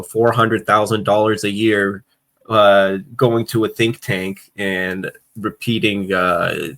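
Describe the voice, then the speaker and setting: A man's voice: fairly low pitch, pushed and bright. A man co-hosting a casual political podcast, ranting heatedly and swearing often. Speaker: podcast co-host.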